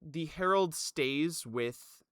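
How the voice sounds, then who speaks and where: A man's voice: fairly high pitch, extremely slow, fairly bright tone, smooth, no echo, clean studio sound. A man narrating a tabletop game as game master, casual and full of fillers.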